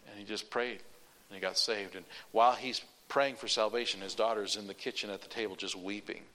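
A male preacher telling a personal story in a sermon, animated, running sentences on with repeated "and". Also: on the low side, brisk.

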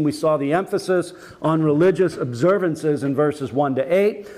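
Man, pastor, sermon, scripture reading, measured, deliberate, slightly high voice. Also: darkish tone.

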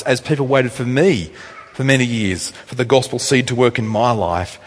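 A man's voice: mid-range voice, fairly quick. A man preaching a sermon as pastor, conversational with wry asides and emphatic repetition. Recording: long hall reverb.

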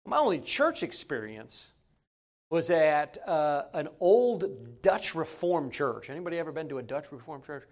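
Male pastor, high voice, animated folksy storyteller from the pulpit. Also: unhurried. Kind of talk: sermon.

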